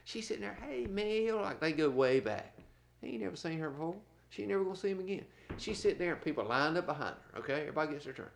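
Gravelly man telling a story. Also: on the high side, racing. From North Carolina, US. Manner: animated, laughing storyteller. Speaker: podcast co-host. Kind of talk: casual storytelling chat.

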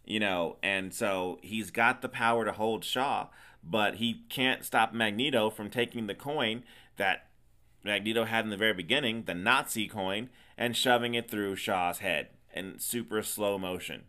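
Man, low voice, forceful tone, casual movie recap, teasing podcast co-host. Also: a little slow. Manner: teasing, emphatic storyteller.

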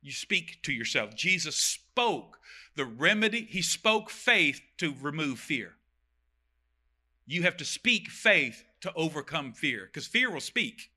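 A man preaching a sermon, reading scripture aloud and breaking in with animated, joking comments. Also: fairly high pitch, slow. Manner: animated, reads verses then comments with jokes.

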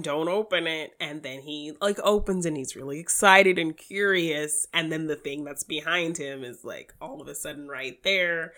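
A woman co-hosting a casual podcast chat, talking in a relaxed way with many fillers. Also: low voice. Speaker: podcast co-host.

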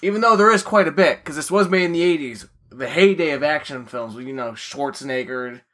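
A man's voice: fairly high pitch, fairly quick, sharp tone. A man co-hosting a podcast, giving thoughtful opinions in casual chat. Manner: thoughtful, opinionated film talk. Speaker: podcast co-host.

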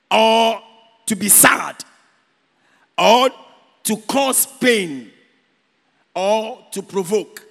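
Preaching in a church hall with long, echoing reverb, a man from Ghana speaks with a high, somewhat bright voice. His sermon is forceful, with repeated key words and phrases sung out.

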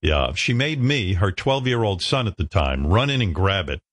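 A man's voice: low-pitched, normal speed, no room sound. A man hosting a radio show, telling stories in a casual, joking way with some swearing. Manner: joking, profane, animated storytelling. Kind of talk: casual chat.

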